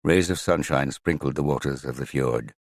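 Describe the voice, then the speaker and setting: A man reading a novel aloud in a measured, even manner. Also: rumbling low, no echo, studio quality. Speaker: audiobook narrator. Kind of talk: scripted narration.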